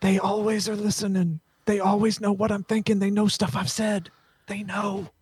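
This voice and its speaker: Man voicing a panicky small-town mayor, stuttering, husky, slightly high. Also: little pitch movement, moderate pace, darkish tone, no echo. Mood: paranoid. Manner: stammering, fearful. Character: nervous frightened middle-aged male mayor.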